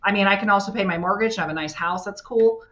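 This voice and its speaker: A woman family law attorney, a podcast guest, talking bluntly and with plenty of profanity, telling animated stories. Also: medium pitch, quick pace, lo-fi sound. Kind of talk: candid podcast interview.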